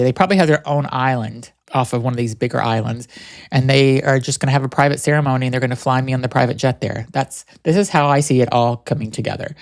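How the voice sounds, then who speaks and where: A man's voice: medium pitch, smooth, dry recording. Man, podcast host, casual rambling chat, playful, dry sound.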